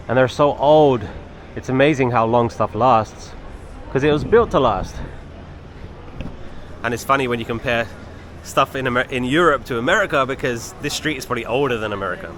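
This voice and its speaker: A man's voice: medium pitch, normal speed, pauses often, a bit bright. A young man casually narrating a travel vlog outdoors as he walks, chatty and easygoing, talking straight to his viewers. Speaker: travel vlogger. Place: outdoors on city streets. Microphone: handheld camera while walking. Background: faint street and traffic noise.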